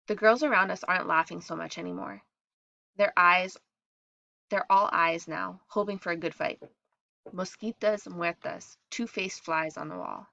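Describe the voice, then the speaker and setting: A woman's voice: moderate pace, gravelly, lo-fi sound. A woman reading a first-person story aloud, briefly voicing the other girls in their lines. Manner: acts out the girls' lines with shifts in pitch and loudness. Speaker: reader.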